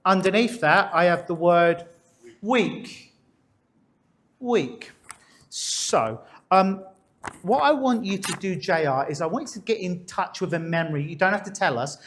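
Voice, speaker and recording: A man's voice: a little high, fairly bright tone. A man working as a stage hypnotist, coaxing and instructing a volunteer during a live demonstration on stage. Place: on a stage before an audience.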